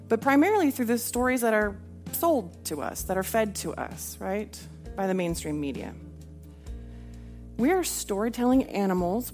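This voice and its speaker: Woman, narrative scholar, public lecture, emphatic, lively pitch. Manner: explanatory, emphatic, uses "right?" tags. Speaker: narrative scholar giving a talk.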